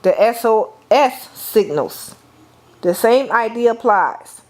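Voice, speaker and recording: A middle-aged woman giving a lecture, speaking deliberately, calling on the class and often repeating or restarting phrases. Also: fairly high pitch, lively intonation, a little mellow.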